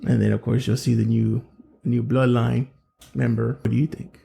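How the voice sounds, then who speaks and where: A man's voice: medium pitch, level tone, moderate pace, vocal fry, dark tone, husky. A man guesting on a casual wrestling podcast, laid-back and a little hesitant. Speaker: guest co-host.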